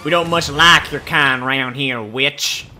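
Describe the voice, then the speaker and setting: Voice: medium pitch, slow pace, pushed and bright, slight background noise, poor audio. A person putting on an accusing backwoods villager. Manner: accusing, folksy grammar.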